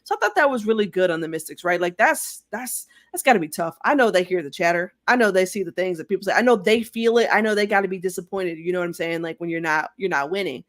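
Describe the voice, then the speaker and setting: A woman's voice: lowish voice, fast, hardly any pauses. A woman working as a sports journalist, speaking as a guest in a casual interview over a video call. She is candid and talkative and laughs easily.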